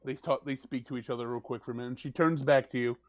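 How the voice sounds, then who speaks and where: A man narrating as game master of a tabletop game, laid back and halting. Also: medium pitch, steady tone, no echo, lo-fi sound.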